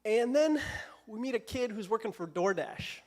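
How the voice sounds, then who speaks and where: High-voiced young preacher, joking and casual. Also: male voice, lively intonation, normal speed, a little mellow. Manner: casual, joking, self-deprecating. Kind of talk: casual youth sermon. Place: church.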